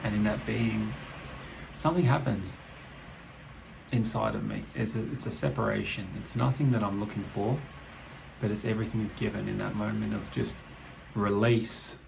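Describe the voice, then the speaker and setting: A man with a low, gravelly voice muses through a reflective solo podcast. He speaks slowly and drops casual swear words. Soft rain patters faintly behind him. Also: fairly even intonation, background noise. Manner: slow, musing, swears casually. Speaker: podcast host. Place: indoors with heavy rain outside. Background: rain ambience.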